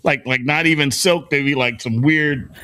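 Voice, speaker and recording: A man's voice: mid-range voice, normal speed, sharp tone. A man hosting a morning talk show, telling loose, profane stories and laughing often. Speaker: show host. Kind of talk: casual morning show banter.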